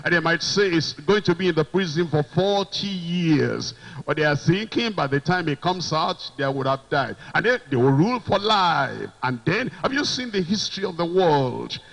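Man, preacher, sermon, high gravelly voice, slow emphatic delivery, repeats lines. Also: expressive, fairly bright tone, poor audio.

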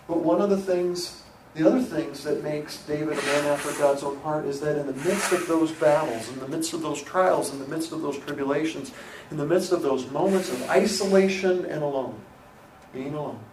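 A middle-aged American man preaching a sermon as pastor, emphatic and repetitive, dropping to a hush and rising again. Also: a little high, a little hiss or hum. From United States. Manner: emphatic, repeating phrases, swings between loud and hushed. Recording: roomy sound from a distant mic with faint ambience.

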